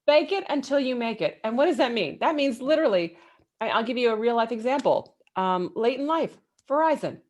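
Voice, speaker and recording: Middle-aged woman, executive guest, emphatic, lively pitch swings, motivational interview answers. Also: fairly quick.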